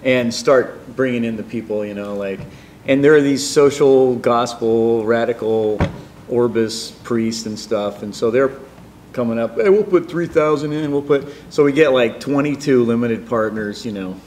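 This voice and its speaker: A middle-aged man telling a personal story in a rambling, animated way, with many fillers and restarts. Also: mid-range voice, measured pace, a little hiss or hum. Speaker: storyteller guest.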